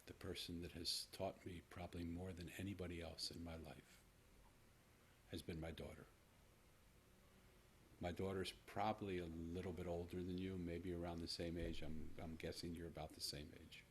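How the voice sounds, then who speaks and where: A man's voice: sits low, steady tone, moderate pace, a little hiss or hum. A man in his sixties, a podcast host telling a personal story to his guest in an earnest, reflective way. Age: 60s.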